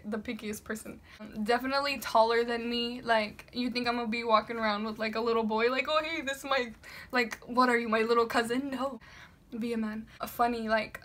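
A young woman vlogger answering viewer questions in a loud, chatty, sassy way. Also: a little high. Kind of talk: casual Q&A vlog.

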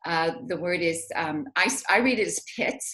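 A woman's voice: on the low side, a little fast, pushed and bright. A woman author asking for help with pronunciation over a video call, chatty and self-deprecating, with frequent hesitations. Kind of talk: casual video call chat.

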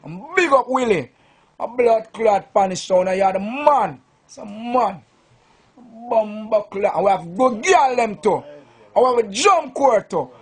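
A man's voice: high voice, expressive, a little slow, breathy edge. A Jamaican man, a sound system selector, drunk and boasting in a rambling, profane rant to the camera.

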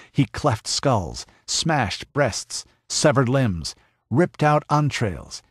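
Male audiobook narrator, deliberate and grave, unhurried, dry close sound. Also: medium pitch, no room sound.

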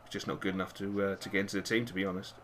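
Talking very fast in a deep voice, a man who hosts a gaming channel calls a football video game live. He's excitable, alternately cheering his players on and swearing at them.

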